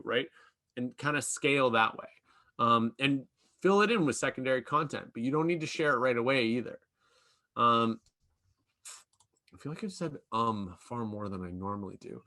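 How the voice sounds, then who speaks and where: A man's voice: medium pitch, sharp tone. A man giving a casual workshop lecture, full of ums and likes and joking asides. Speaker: workshop presenter.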